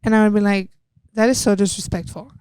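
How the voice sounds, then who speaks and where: Smooth-voiced woman. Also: mid-range voice, brisk, no room sound, clean studio sound. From El Paso, Texas. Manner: candid and animated, swears freely, acts out quoted dialogue. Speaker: podcast guest, wrestler. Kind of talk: casual interview storytelling.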